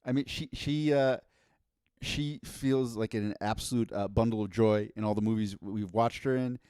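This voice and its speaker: A man's voice: on the low side, moderate pace, a little mellow, smooth, dry recording, clean studio sound. A man co-hosting a podcast in casual chat, giving opinions with eager restarts. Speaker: podcast co-host.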